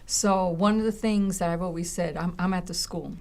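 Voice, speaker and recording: A woman's voice: fairly low pitch, normal speed, vocal fry. A woman college educator telling a story in conversation, acting out voices and often checking in with "right?" and "you know.". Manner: animated, acts out voices in her stories.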